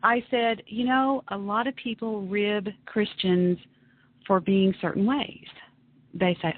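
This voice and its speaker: A woman's voice: mid-range voice, fairly even intonation, takes it slowly. A woman hosting a talk radio show, chatting in an emphatic, ranting monologue. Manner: emphatic, ranting, self-dramatizing. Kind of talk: casual monologue on internet radio. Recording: tinny phone-line radio broadcast.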